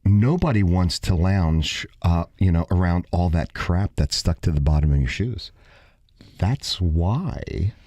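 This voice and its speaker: A man's voice: low-pitched, unhurried, no room sound. A man with a Brooklyn accent hosting a radio talk show, chatting casually in a joking, playful way. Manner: joking, animated, playful teasing. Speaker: radio host, salon owner.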